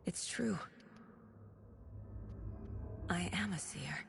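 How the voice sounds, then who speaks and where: A woman's voice: fairly low pitch, moderate pace, creaky, music in the background. An actress playing an earnest, questioning female investigator in a video game. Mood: wondering. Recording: game audio with loud background noise.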